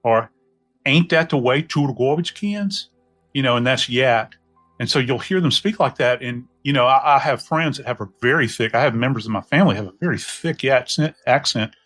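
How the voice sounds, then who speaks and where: A middle-aged man from New Orleans with a Southern US accent, a podcast guest telling reflective stories in an unhurried, folksy way. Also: mid-range voice, fairly bright tone, soft background music. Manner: unhurried, folksy, many "you know" asides. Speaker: podcast guest, death investigator. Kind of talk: reflective storytelling conversation.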